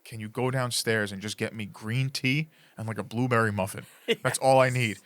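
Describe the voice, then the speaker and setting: A man's voice: lowish voice, moderate pace. A man on a podcast telling a funny story in casual chat, laughing as he goes. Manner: animated, laughs through his story. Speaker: podcast co-host.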